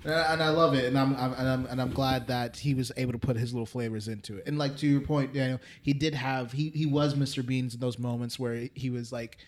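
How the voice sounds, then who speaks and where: A man's voice: mid-range voice, steady tone, fast talker, hardly any pauses. A man co-hosting a casual movie podcast, stammering and laughing with enthusiasm. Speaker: podcast co-host.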